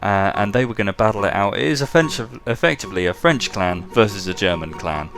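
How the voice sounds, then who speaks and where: Talking fast with lively intonation, a low-voiced English man with a slightly bright sound commentates on a game replay as host. He keeps it chatty and full of jokes, with music clearly audible underneath throughout.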